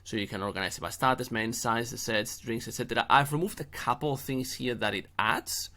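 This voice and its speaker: A man's voice: mid-range voice, a little fast, sharp tone. A middle-aged man hosting a screen-share tutorial, chatty and jokey with playful asides. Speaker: SEO channel host.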